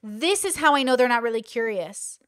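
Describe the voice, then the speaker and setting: A woman's voice: on the high side, expressive, a little fast, no room sound, clean studio sound. A woman hosting a reaction commentary, blunt and exasperated, swearing and acting out what others say. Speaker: commentary host. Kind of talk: reaction commentary on stream clips.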